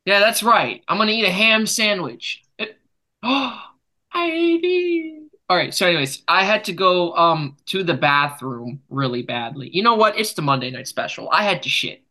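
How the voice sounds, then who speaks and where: A young man with a bright, forward voice hosts a loose, casual podcast chat. He rambles through jokey stories and often jumps into loud bursts. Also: fairly high pitch, expressive, normal speed, hardly any pauses. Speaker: podcast host.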